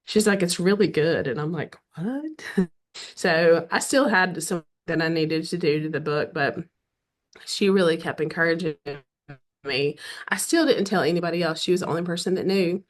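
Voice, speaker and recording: Lively middle-aged Southern woman storyteller. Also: on the low side, normal speed. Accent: Southern American. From American South. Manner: animated, acts out quoted dialogue, frequent throat clearing. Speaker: romance author guest. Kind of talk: casual storytelling interview.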